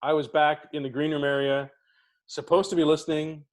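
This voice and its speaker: Fairly quick and a little high in pitch, a middle-aged podcast co-host tells casual theatre stories during an interview. He animates them by performing the voices of those he quotes.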